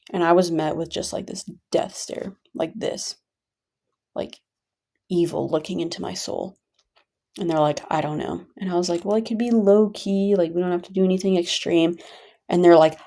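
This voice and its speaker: A woman talks through a personal story in a loose, rambling vlog monologue, padding her sentences with fillers and restarts. Her voice sits fairly low and has a dark, mellow color with plenty of gravelly fry. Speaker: vlogger. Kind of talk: casual venting monologue.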